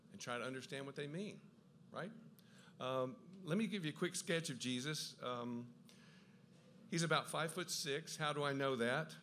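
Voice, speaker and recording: A man's voice: medium pitch, fairly bright tone, slight background noise. Eager man lecturing on scripture. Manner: enthusiastic, quick asides, frequent restarts. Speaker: Bible teacher giving a talk. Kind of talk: lively lecture on the Gospels.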